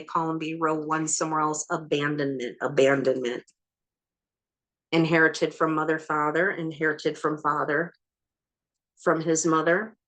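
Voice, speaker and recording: This woman, a facilitator of ancestral healing, runs a session by calmly counting through long strings of numbers. Her delivery is methodical and matter-of-fact, in a fairly low voice.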